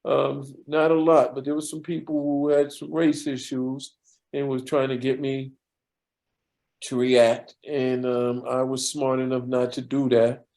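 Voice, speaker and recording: An older man from New York telling his life story in an interview, lively and easily moved to emotion. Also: medium pitch, unhurried, creaky. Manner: lively storyteller who acts out quoted dialogue; gets emotional when speaking of his mentor. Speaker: interview guest.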